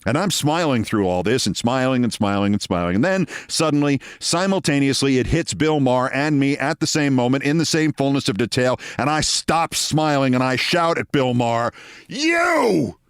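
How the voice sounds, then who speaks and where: A man's voice: mid-range voice, brisk, few pauses, clean tone, no room sound, studio quality. A man hosting a show, telling a long personal story and acting out the people in it. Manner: lively anecdote-telling, acting out quoted people. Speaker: host. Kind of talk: storytelling monologue.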